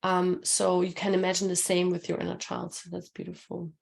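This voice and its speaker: A woman's voice: lowish voice, monotone, fairly quick, creaky. A woman coaching on relationships in a casual, chatty webinar, with many fillers as she talks to her audience. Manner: casual and chatty, many fillers, reads chat comments aloud. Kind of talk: live webinar talk.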